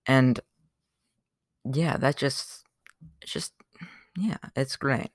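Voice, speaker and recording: A man's voice: mid-range voice, extremely slow, no room sound, studio quality. A young man hosting a casual solo podcast, rambling with lots of fillers. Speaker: podcast host.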